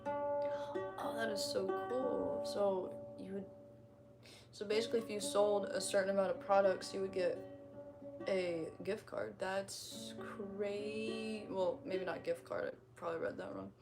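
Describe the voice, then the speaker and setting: Gravelly, blunt young woman streamer. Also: medium pitch, steady tone, unhurried, over music. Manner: blunt, profane, rambling, reacting to comments. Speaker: streamer reading chat. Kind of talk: casual livestream chat.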